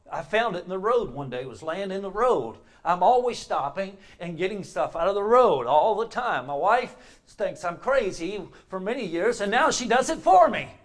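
An older man preaching a sermon in a church, telling folksy homespun stories. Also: high voice. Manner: folksy storytelling with homespun asides. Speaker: pastor.

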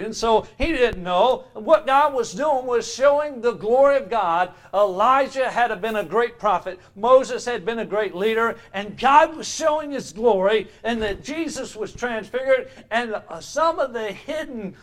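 A man's voice: extremely high pitch, lively intonation, a little slow, few pauses. A man preaching a sermon, reading archaic scripture passages and explaining them with emphatic, rising delivery.

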